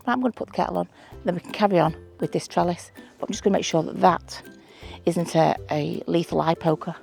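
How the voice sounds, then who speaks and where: A chatty woman from Manchester, England, speaks in a gravelly, mellow voice on the low side. In her outdoor allotment garden, this gardening vlogger narrates casually while doing DIY, thinking aloud with self-deprecating humour.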